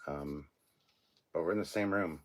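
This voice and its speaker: Super deep voiced guy in his 40s, hosting a live stream, joking around with chat. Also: a little slow. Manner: joking, reads viewer comments aloud.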